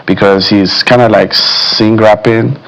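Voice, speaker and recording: A man's voice: fairly low pitch, steady tone, a little slow, fairly bright tone, low-quality recording. A man, a music critic guest on a studio morning show, speaking thoughtfully and filling gaps with "you know". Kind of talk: studio discussion. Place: television studio.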